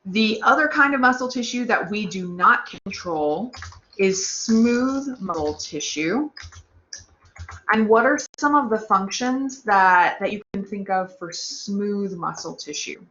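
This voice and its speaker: An upbeat woman teaches an online anatomy lab and talks directly to her students. Her voice is bright and forward. It is recorded in an echoey room with a somewhat dull sound. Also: mid-range voice, animated, slow pace, slight background noise. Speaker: anatomy instructor. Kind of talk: live online lab lesson. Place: online class with text chat.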